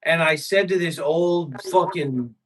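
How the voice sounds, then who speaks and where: Male livestream host, casual and profane, ranting at viewers; slightly high voice. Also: slow, a little hiss or hum, low-quality recording. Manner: profane, ranting, talks back to chat.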